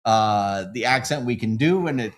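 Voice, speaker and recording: A man's voice: mid-range voice, expressive, normal speed. A man from the Upper Midwest hosting a casual podcast conversation, loose and chatty, with many filler words. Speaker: host.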